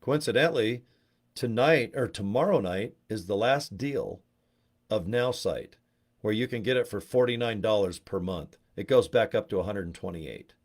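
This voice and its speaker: A man's voice: fairly low pitch, normal speed. A man in a rambling, joking casual video chat, going off on tangents while promoting a business. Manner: joking, tangents, puts on silly voices. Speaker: network marketing promoter. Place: Utah.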